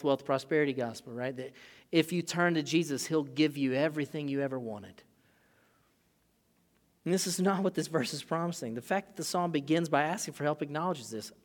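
A man in his thirties preaching a sermon as pastor, conversational and animated, acting out little scenes along the way. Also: a little high. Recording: long hall reverb.

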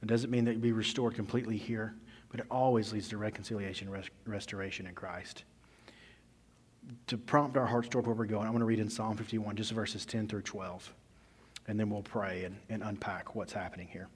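A male pastor preaching a sermon in a conversational storytelling manner, swinging between loud emphasis and quiet asides, recorded in an echoey church hall. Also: on the low side, steady tone, fairly quick, breathy edge.

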